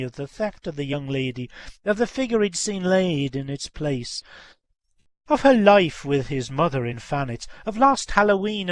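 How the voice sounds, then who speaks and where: High-voiced male storyteller, dry close mic. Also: no room sound. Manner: measured, expressive storytelling. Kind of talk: reading a folk tale aloud.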